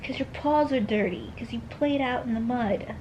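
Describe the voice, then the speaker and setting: A woman's voice: a little high, moderate pace, a little mellow, lo-fi sound, slight background noise. A young woman chatting casually in a reading vlog from her bedroom, rambling and saying "like" a lot. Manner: chatty, rambling, fills speech with "like". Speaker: book vlogger.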